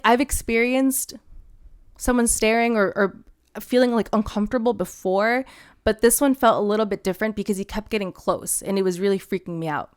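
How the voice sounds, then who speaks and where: A young woman co-hosting a podcast, telling a story in casual chat, animated and laughing often. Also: mid-range voice, smooth. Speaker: podcast co-host.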